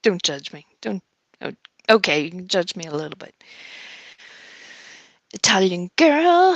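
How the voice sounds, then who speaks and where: A woman's voice: mid-range voice, expressive, measured pace, pauses often, dry recording. A woman hosting a livestream, greeting viewers by name in a chatty, giggly, affectionate way. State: a bit nervous. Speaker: livestream host. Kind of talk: casual chat greeting viewers.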